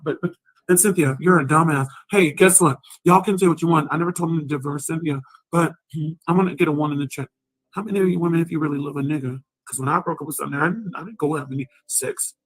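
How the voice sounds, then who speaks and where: A woman ranting on a livestream, combative and profane, with sudden loud outbursts. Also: deep voice, husky.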